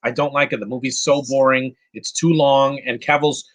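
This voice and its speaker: A man's voice: mid-range voice, fairly even intonation, normal speed, fairly bright tone. A man giving casual live commentary on a movie, answering chat questions bluntly with frequent restarts and fillers. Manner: opinionated, blunt, insulting.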